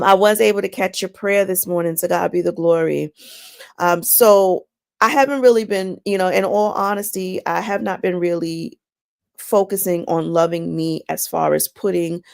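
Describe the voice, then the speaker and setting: A woman hosting a casual, faith-based personal talk, chatty and animated, often repeating words as she goes. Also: fairly low pitch, moderate pace, gravelly. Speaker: inspirational vlog host.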